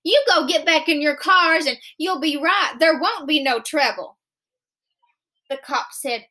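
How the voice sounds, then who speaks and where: A woman reads a children's novel aloud in steady storytelling narration. Her voice is high and bright. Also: measured pace. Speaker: reader.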